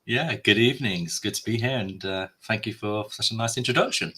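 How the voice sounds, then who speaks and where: Brief: male guest on a live stream, lowish husky voice, talks fast. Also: pushed and bright. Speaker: guest accountant. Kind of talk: casual live-stream chat.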